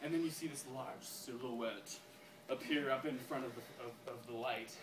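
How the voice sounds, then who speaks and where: A man casually pitching a story to a group, laughing often and restarting his sentences. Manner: giggly, keeps breaking into laughs; halting, many restarts. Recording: echoey room, far from mic, crowd around.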